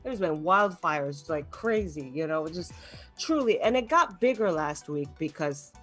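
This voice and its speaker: A young adult woman delivers an online stand-up set in a lively, swooping voice. She rants with mock outrage and keeps breaking into laughter at her own jokes. Faint music plays underneath. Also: low-pitched, unhurried. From Los Angeles. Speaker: stand-up comedian.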